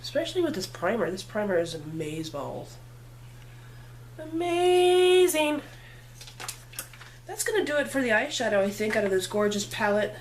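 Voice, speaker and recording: Talking to herself as she works, a makeup vlogger chats playfully through a casual tutorial. Her mid-range voice swings widely in pitch, and she talks fast with few pauses, with a little hiss or hum in the audio.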